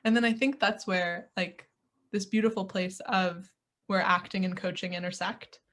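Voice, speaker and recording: A woman's voice: medium pitch, little pitch movement, moderate pace, fairly bright tone. A young adult woman, an acting coach, giving earnest, reflective interview answers and now and then acting out the doubting little voice in her head. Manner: earnest, searching, puts on little inner voices.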